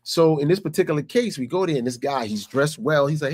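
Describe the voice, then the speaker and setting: A man's voice: fairly high pitch, lively intonation, a little fast, darkish tone, no room sound. A man vlogging, telling a story in a loose, conversational way. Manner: conversational, repeats "you know what I'm saying". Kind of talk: casual storytelling.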